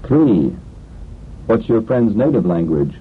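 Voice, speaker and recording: A man reading a scripted language drill slowly and deliberately, as a course instructor, on a tinny lo-fi lesson tape. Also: fairly low pitch, big pitch swings, breathy edge.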